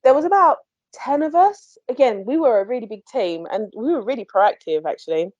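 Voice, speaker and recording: A woman, a paranormal investigator, telling a story in a chatty, animated way on a podcast, quick to laugh. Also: on the high side, no echo. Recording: dry, slightly muffled podcast audio.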